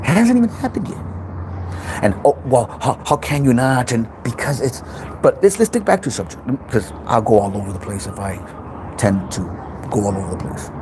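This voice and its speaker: Man preaching self-help, very animated pitch. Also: a little fast, noisy background. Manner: intense, preachy, repeats himself, swears freely. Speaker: self-help channel host. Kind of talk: unscripted motivational monologue.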